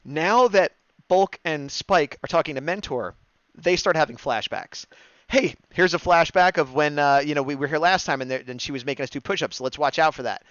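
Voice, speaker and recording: A man co-hosting a fan discussion show, excitedly rambling through an episode recap and acting out quoted lines. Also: on the high side, brisk, no room sound. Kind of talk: casual recap chat, livestream. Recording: dull, dry, lo-fi stream mic.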